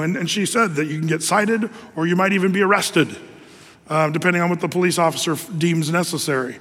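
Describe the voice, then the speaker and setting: A man's voice: on the high side, fairly even intonation, fairly quick, fairly bright tone. A male pastor preaching a sermon, in an emphatic, sarcastic, joking manner. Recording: long hall reverb.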